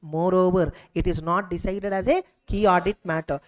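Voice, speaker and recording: Indian English tutor, high voice, drills points with "correct? ah?" check-ins. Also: male voice, fairly even intonation, normal speed, poor audio. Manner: emphatic, repeats key points, asks rhetorical questions. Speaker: exam coaching tutor. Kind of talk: recorded revision lecture.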